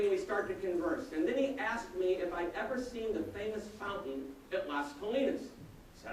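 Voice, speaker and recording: A man giving a customer service keynote, telling a humorous story in an animated way. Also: high voice, normal speed. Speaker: keynote speaker. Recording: echoey room, distant mic, faint noise.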